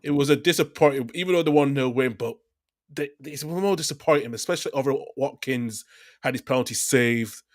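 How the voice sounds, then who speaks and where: A man's voice: medium pitch, a little fast, dry recording, studio quality. A man co-hosting a casual football podcast, rambling through his points with fillers and restarts. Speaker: podcast co-host.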